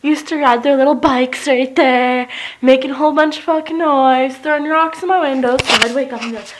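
A young woman giving a casual, giggly tour of her old basement, swearing freely and getting animated as she tells stories. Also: high-pitched, moderate pace, slight background noise. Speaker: vlogger giving a house tour. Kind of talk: casual rambling vlog tour. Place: empty basement of an old house, indoors.

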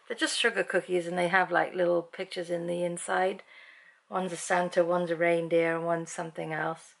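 A woman's voice: lowish voice, level tone, moderate pace, vocal fry, fairly bright tone. A middle-aged British woman vlogging from home, chatting and rambling through a long story with frequent ums. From Britain. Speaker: family vlogger. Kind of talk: casual chatty vlog. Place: at home in the evening.

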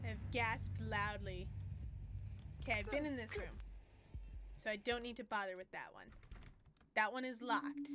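A high, very expressive female voice, her pitch swooping up and down as she narrates her own panic in a horror game. She talks in an unhurried way, with music playing behind her. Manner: flustered, panicky self-talk, swinging from whispers to shrieks. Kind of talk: live game commentary.

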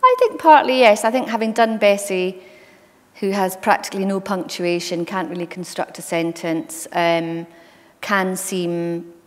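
A woman's voice: medium pitch, a little slow. Woman author, chatty anecdotal talk, hall reverb. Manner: chatty, anecdotal, lively asides. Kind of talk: onstage conversation. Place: library event hall.

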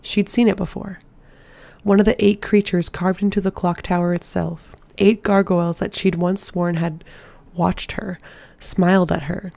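An amateur audiobook narrator reading a fantasy novel in a steady, measured way. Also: mid-range voice, gravelly, dry recording.

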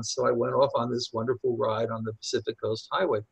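A man's voice: mid-range voice, steady tone, fast talker, creaky, slightly rough, rough recording. A man from New Hampshire, a guest telling a personal story in an earnest, vivid way, acting out what was said. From New Hampshire, United States.

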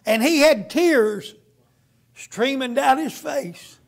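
Gravelly high-voiced man preaching. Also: takes it slowly. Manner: folksy storytelling preaching. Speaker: guest preacher. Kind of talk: sermon.

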